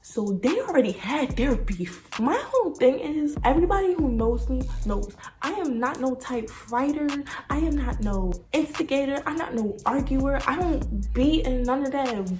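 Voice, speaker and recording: A young woman vlogger telling a story in a lively, slangy, dramatic way. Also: high-pitched, normal speed, few pauses, faint music behind. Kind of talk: casual storytime vlog.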